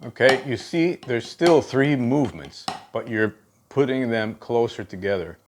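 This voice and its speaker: A man's voice: medium pitch, a little slow, background noise. A man giving a drum lesson, counting beats aloud and often checking in with "okay". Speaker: drum instructor. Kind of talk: teaching drum technique.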